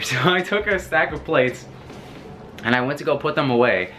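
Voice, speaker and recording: Young man with a bright voice, storytelling. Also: on the high side, normal speed, soft background music. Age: young adult. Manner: animated, laughs often, swears freely. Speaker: vlogger. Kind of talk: casual storytelling.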